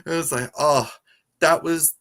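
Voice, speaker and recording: A man co-hosting a podcast in casual chat, excitable and amused as he talks. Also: fairly high pitch, unhurried. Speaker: movie review podcast co-host.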